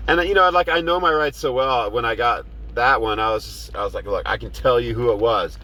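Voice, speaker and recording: A man's voice: mid-range voice, normal speed, rough recording. A man who drives for rideshare apps, telling a profane story from his car and acting out heated arguments in a raised voice. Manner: animated, swearing, acts out heated quotes in a raised voice.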